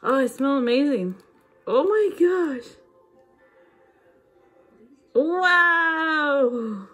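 A woman vlogging about her shopping finds, chatting casually to camera and gushing with excitement over each item. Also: fairly high pitch, takes it slowly, soft background music.

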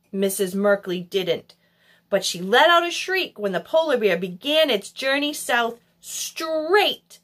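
A woman narrating a children's novel in an expressive storybook style. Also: high voice. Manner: expressive, animated. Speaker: audiobook reader.

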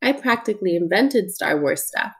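A woman's voice: fairly low pitch, animated, normal speed, creaky, breathy edge, exaggerated voice. A woman reading the lines of a friendly, joking male ear doctor in an audiobook, with an easygoing, reassuring manner.

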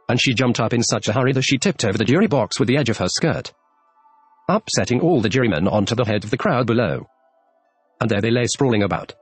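Voicing the characters as he goes, a male audiobook narrator reads a classic storybook expressively. His voice sits at medium pitch with a slightly rough edge, captured on a dry close mic with no room sound and faint background music.

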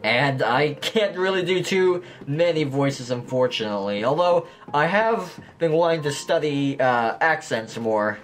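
A man's voice: a little high, lively intonation, unhurried, hardly any pauses. A man with a slight lisp giving rambling, self-deprecating commentary while he plays a game. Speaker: gameplay commentator. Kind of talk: casual let's-play commentary.

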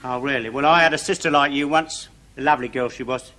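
An actor playing a boastful, nosy busybody in a TV sketch comedy. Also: male voice, mid-range voice, fast, pushed and bright, natural voice. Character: cocky working-class male busybody, self-praising.

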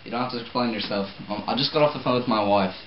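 Young guy as an earnest, fumbling boss in an amateur skit; boomy room, muffled lo-fi sound. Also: rapid-fire, lightly acted. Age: young adult. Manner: stumbles over lines, restarts takes. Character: grateful male company boss, earnest and fumbling. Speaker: student actor. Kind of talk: amateur class-project acting with outtakes. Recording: echoey lo-fi room recording with noise.

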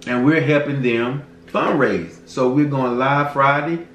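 A man with a Southern US accent, chatting casually and playfully on a couple's eating show, telling stories with loud bursts. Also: mid-range voice, unhurried, far from the mic. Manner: animated storyteller, playful, rising to loud bursts. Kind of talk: casual chat while eating. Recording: roomy sound from a mic set back, faint noise.

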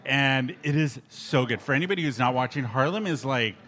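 A chatty man hosts a casual podcast recorded live at a bar event. He steers the talk and laughs easily, at a middle pitch. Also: a little fast, bright, forceful tone. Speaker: podcast host.

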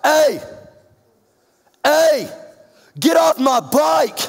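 A man voicing an angry armed man who yells threats at a bike thief. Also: extremely high pitch, lively intonation, extremely slow, gravelly, big-room sound, pitched above the performer's own voice, heavily acted. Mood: yelling. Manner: yelling, threatening.

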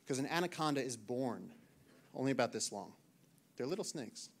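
A man in his thirties from the United States, a naturalist giving an animated storytelling talk to an audience in a lecture hall. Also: medium pitch, moderate pace, husky. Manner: animated, acts out shouted quotes.

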